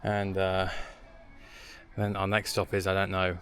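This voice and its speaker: A man's voice: sits low, monotone, a little slow, noisy background. A young man vlogging outdoors as he walks around hilltop villages, chatting casually with rambling, jokey asides. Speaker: travel vlogger. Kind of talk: casual travel vlog narration.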